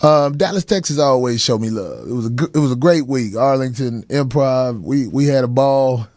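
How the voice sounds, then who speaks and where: A man's voice: medium pitch, moderate pace, darkish tone, dry recording. A middle-aged man hosting a talk show as a comedian, telling stories casually with a lot of profanity and frequent laughter. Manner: profane, laughing, chuckles mid-story; drops into character voices for quoted people. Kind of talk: casual storytelling chat.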